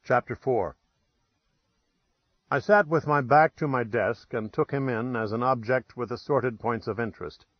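A man's voice: mid-range voice, measured pace, dry recording, lo-fi sound. Man narrating a wry first-person tale. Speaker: audiobook narrator.

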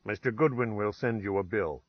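A man voicing a severe, formal detective who speaks in precise, measured sentences. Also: fairly low pitch, slightly rough, no echo, dull audio. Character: stern, formal older male detective.

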